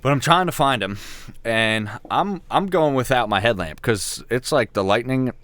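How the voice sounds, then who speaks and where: A man telling a hunting story in casual podcast chat, swearing freely and getting animated as he talks. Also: mid-range voice, normal speed, no room sound. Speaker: podcast co-host.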